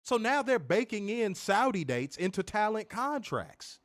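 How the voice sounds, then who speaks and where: A man's voice: high voice, very animated, unhurried. A man co-hosting a wrestling podcast, ranting heatedly with plenty of profanity in a casual, fired-up way.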